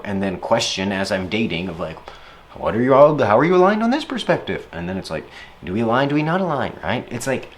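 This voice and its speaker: Man, reflective interview monologue, rambling and casual, voice lifts when he quotes himself. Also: mid-range voice.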